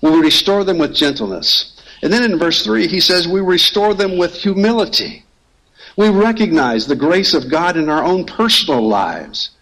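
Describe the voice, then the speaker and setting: A male pastor delivering a sermon in a fairly high voice. He speaks earnestly and emphatically, driving his points home by repeating key phrases. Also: expressive, normal speed, a bit bright, poor audio.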